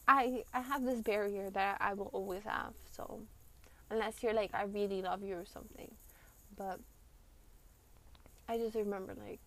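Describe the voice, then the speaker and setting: A young woman casually telling a story to her viewers, chatty and profane, with lots of "like" fillers. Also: mid-range voice. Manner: chatty and profane, heavy use of "like".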